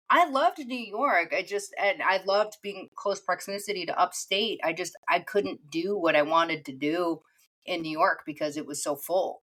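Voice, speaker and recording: A woman with a mixed East Coast American accent, chatting casually as a podcast co-host and rambling with frequent laughs. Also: sits low. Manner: rambling, animated, laughs often. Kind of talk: casual chat.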